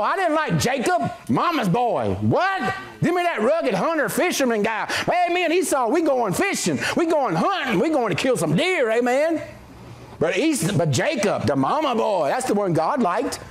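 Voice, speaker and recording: A middle-aged man preaches from the pulpit in a drawl, his voice sitting noticeably high for a man. He reads scripture in old-fashioned cadence and breaks off into folksy, joking asides to the congregation. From South Carolina. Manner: jokey, folksy, playful with the congregation. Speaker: assistant pastor. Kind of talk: sermon. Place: church sanctuary.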